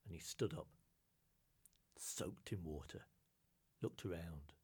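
A male storyteller tells a folk tale in a measured, dramatic performance. His voice is low and husky. He often sinks to a hushed whisper on the quiet moments.

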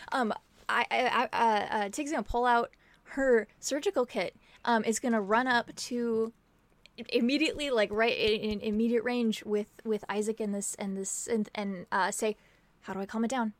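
A woman's voice: fairly high pitch, moderate pace, no room sound. A woman playing a tabletop role-playing game, stammering and hesitating as she decides her character's moves. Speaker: player. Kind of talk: casual tabletop play.

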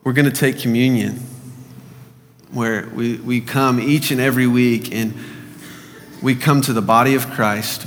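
A male pastor leading a slow, gentle guided meditation in a sermon. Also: mid-range voice. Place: church sanctuary. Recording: church hall reverb with soft guitar.

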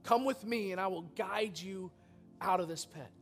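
A man voicing a calm rescuer in a sermon story, speaking quietly and reassuringly. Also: high-pitched, normal speed, faint music behind. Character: calm rescuer who has been in the pit.

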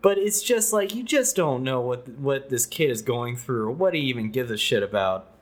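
A man's voice: medium pitch, animated, moderate pace. Profane ranting man reviewing a film. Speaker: podcast co-host. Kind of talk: casual movie review chat.

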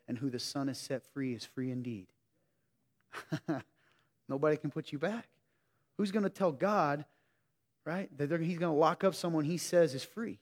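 A man preaching a sermon in a conversational way, swinging between emphatic lines and hushed ones. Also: fairly high pitch. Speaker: pastor. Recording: reverberant hall.

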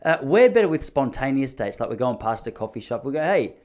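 A man's voice: medium pitch, very animated, fast talker, darkish tone. A man in his thirties telling rambling, joking stories in a casual monologue, often mocking himself.

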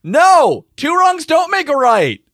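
A man voicing a bratty young boy prankster with a very high, squealing voice. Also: wildly swooping pitch, slow pace, a bit bright, no echo, clean studio sound, exaggerated voice. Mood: indignant.

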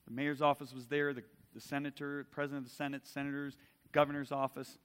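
A middle-aged man preaching a sermon, swinging from loud emphasis to soft intimacy and asking the audience direct questions. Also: mid-range voice, flat delivery, fast, smooth, in a large hall.

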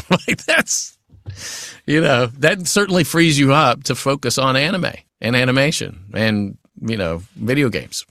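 A man's voice: medium pitch, measured pace, vocal fry, dry recording, clean studio sound. Chatty male voice actor. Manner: chatty, animated, many "you know" asides. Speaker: voice actor guest. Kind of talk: casual interview advice.

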